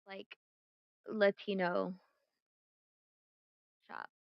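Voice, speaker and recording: A woman running a tabletop game as game master, casual and animated, swearing freely, at her computer mic. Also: medium pitch, drawn-out words, clean tone, no echo, highs cut off.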